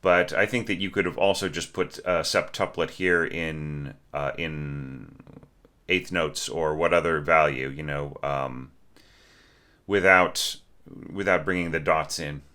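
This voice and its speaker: Deep, bright-voiced male orchestration teacher. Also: fairly even intonation, a little slow. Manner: conversational, asks questions, sings short notes. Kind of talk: spoken score critique.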